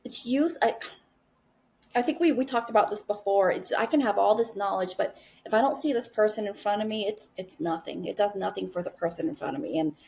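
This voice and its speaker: A woman's voice: medium pitch, fairly quick, vocal fry. A middle-aged woman, a nurse practitioner, telling a story in casual chat and acting out the dialogue. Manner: animated, acts out quoted dialogue.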